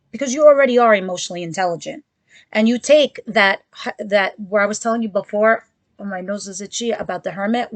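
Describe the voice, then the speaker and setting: A woman's voice: medium pitch, no room sound. A woman giving a casual tarot reading to her viewers, talking bluntly and chattily with frequent asides. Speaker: tarot reader.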